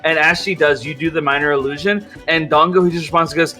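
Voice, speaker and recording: A man narrating as game master in a tabletop game, often halting and restarting his sentences. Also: on the high side, steady tone, pushed and bright, faint music behind. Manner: halting, filler-heavy narration.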